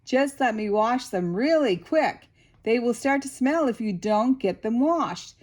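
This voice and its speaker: A woman reading aloud the lines of a gentle, coaxing mother in a storybook. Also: a little high, lively intonation, a little slow.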